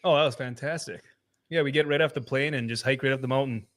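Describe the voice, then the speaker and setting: A man's voice: medium pitch, fast, fairly bright tone. A man hosting a casual podcast, upbeat and jokey as he welcomes a guest. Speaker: podcast host. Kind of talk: casual chat.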